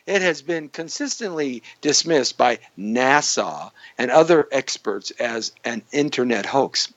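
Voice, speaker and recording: A man hosting his live online show, rambling and joking, jumping into sudden high squeaky bits. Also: sing-song, unhurried, dry recording. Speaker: host. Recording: dull lo-fi stream audio.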